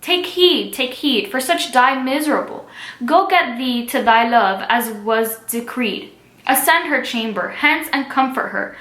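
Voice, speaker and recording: A stern older friar lectures and counsels in an earnest, read-aloud manner, as a woman reads his part. Her voice is bright and forceful and lifts a little high. The recording sounds echoey, as if made in a bare room. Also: expressive, unhurried.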